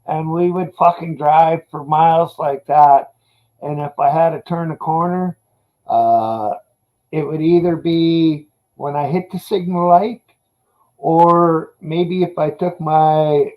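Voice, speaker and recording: A man's voice: on the high side, steady tone, slow pace, muffled recording. A man in casual chat, telling dog stories in a laid-back, profane way.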